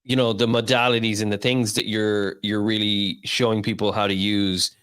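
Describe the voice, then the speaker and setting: A man's voice: fairly low pitch, level tone, normal speed, fairly bright tone, clean tone, dry recording, clean studio sound. A man hosting a casual interview, rambling with many fillers and short laughs as he talks. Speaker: interview host.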